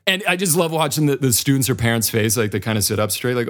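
Podcast host, middle-aged man, Dakota accent, mid-pitched, animated and self-deprecating. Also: fast talker, hardly any pauses. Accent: American, Dakota. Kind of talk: casual solo podcast talk.

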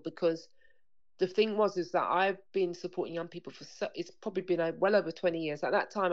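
Earnest woman, lo-fi sound. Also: lowish voice. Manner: earnest, repetitive, acts out dialogue. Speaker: parenting coach guest. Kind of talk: conversational interview. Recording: dull lo-fi sound.

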